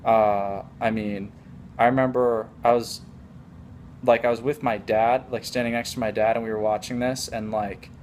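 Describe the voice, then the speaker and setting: A man's voice: lowish voice, level tone, moderate pace, darkish tone, a little hiss or hum. A young adult man telling a casual story in a rambling, mock-boastful way, full of filler words. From United States.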